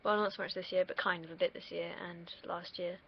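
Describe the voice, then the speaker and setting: Young girl chatting on stream, kinda fry-ey voice, rambly and sweary. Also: fairly low pitch, steady tone, brisk, a little hiss or hum. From United Kingdom. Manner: rambling, drifts off on tangents, casual swearing. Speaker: livestreamer. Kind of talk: casual rambling stream chat. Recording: dull lo-fi stream mic.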